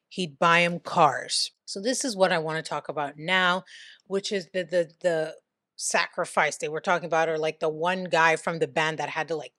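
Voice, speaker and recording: A woman with a low voice talks through a story in a chatty vlog commentary. She swears casually and reads quotes aloud. Her voice is close and dry, with no room sound. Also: a bit bright, no echo. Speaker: commentary vlogger.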